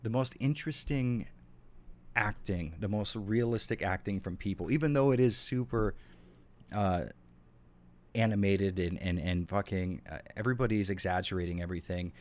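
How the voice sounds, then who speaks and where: A deep-voiced man chats casually with his stream viewers while he plays a game. He rambles and swears freely as he answers messages from chat. Keys clatter on a keyboard behind him. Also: moderate pace, darkish tone. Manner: chatty, swears a lot, reacts to chat.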